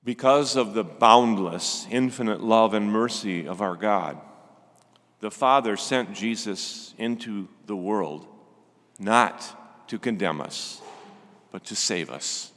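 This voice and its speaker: An older man delivering a gentle, reflective Sunday sermon as a preacher. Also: lowish voice, slow pace, long reverb tail.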